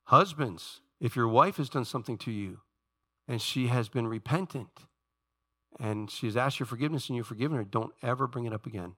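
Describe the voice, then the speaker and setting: A man pastor preaching a sermon in a church, shifting between quiet conversational asides and emphatic, rising peaks. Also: mid-range voice, a little fast.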